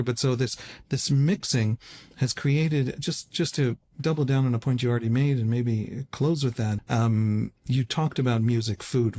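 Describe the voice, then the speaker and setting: A middle-aged man talks through a long answer on his podcast, thinking aloud and circling back to his points. His voice sits at an ordinary pitch for a man. He drops in the occasional wry aside. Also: darkish tone. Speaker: podcast host answering questions. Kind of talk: conversational explanation.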